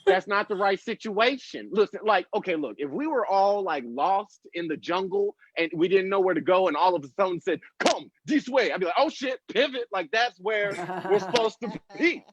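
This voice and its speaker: A man's voice: high-pitched, animated, brisk, few pauses. An American man doing a stand-up set, with a laid-back, rambling delivery and laughs at his own jokes. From United States. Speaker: stand-up comedian. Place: small comedy stage before a live audience. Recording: dry, slightly muffled live recording.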